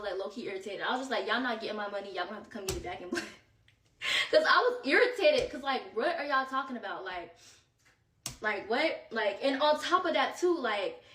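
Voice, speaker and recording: A woman's voice: high-pitched, brisk. Chatty woman telling a story in a roomy space. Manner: chatty, slangy and animated. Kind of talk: casual storytime. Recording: roomy sound from a distance.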